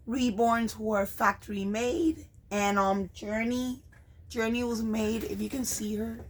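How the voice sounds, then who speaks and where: Slow, hesitant woman vlogger. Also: on the high side, breathy edge, low-quality recording. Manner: slow, hesitant, with frequent ums and restarts. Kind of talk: personal vlog talking to camera.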